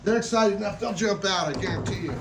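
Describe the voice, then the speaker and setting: A man hosts a casual vlog from an exotic pet store, excitable and often breaking into laughter and loud exclamations as he feeds the animals. His voice sits high and he talks fast, with a noisy background in an echoey room.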